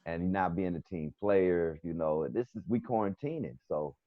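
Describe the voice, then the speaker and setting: Middle-aged New York comedian, very deep voice, loose storyteller, dull lo-fi call audio. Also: male voice, moderate pace, dry recording. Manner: rambling, storytelling with quoted back-and-forth. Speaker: comedian and barber guest. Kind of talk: casual video-call chat. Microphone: video call.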